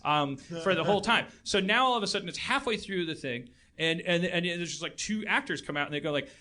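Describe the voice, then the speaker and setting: A male podcast host telling a comic story on stage, acting out characters with shouts and laughs. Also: high voice, lively intonation, a little fast. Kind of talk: comedic storytelling rant. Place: live stage before an audience. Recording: live theater recording with crowd.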